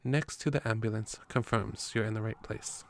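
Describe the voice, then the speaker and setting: A man's voice: fairly low pitch, steady tone, normal speed, vocal fry, slight background noise. A man reading a story game's text aloud in a casual way, with his own asides between passages. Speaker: game player narrating.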